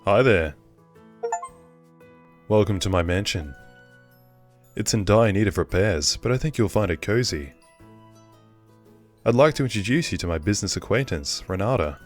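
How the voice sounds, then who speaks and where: Male reader as a suave, scheming game host, deep polite voice, faint music. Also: expressive, normal speed, long pauses, lightly acted. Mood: welcoming. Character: suave mansion owner, welcoming but scheming.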